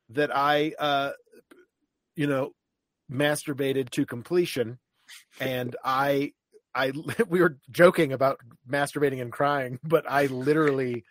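Male podcast co-host, halting storyteller, tight dry sound. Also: mid-range voice, fairly bright tone, no echo. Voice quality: hesitant, many restarts and self-deprecating asides. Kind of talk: candid casual chat.

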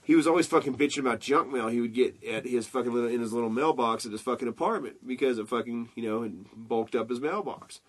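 A man's voice: mid-range voice, fast, few pauses. A young man telling rambling, profane stories in casual chat with friends. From southern United States.

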